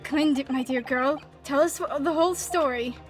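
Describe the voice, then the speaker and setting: A woman's voice: high-pitched, normal speed, soft background music, voice pushed down, lightly acted. A woman voicing a grown male eccentric British detective in a pompous, theatrical manner in a game read-through. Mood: grave.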